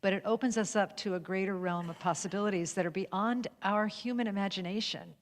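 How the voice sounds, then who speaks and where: A woman's voice: mid-range voice, fairly quick. A woman hosting a spiritual livestream conversation, laughing often and affirming her guest. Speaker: livestream host. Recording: long hall reverb.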